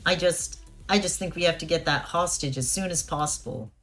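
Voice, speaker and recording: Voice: medium pitch, normal speed, fairly bright tone, soft background music. A young adult streamer chatting casually while playing and reading dialogue aloud, often laughing and stammering on restarts.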